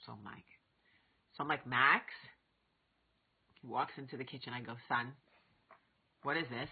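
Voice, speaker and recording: A woman in her thirties tells stories straight to camera in a low, husky voice. She acts out what everyone said with big, lively swings. The sound is thin and tinny, like a phone line. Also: moderate pace, pauses often. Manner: animated, acts out quotes with big jumps. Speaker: vlog host. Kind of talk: casual storytelling to camera.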